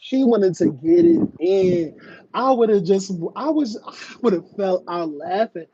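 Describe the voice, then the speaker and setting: A woman hosting a live stream, chatting casually about online drama, reading viewer comments and slipping into high mocking voices to act scenes out. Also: expressive, a little slow, warm tone, breathy edge. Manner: chatty, slangy, reads viewer comments aloud. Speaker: livestream host. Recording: dull lo-fi stream audio.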